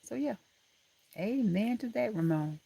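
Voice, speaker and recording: A woman's voice: mid-range voice, animated, measured pace, vocal fry, dark tone, breathy edge. A woman hosting a casual live stream from a room at home, chatting affectionately with viewers and laughing often. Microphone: laptop camera mic.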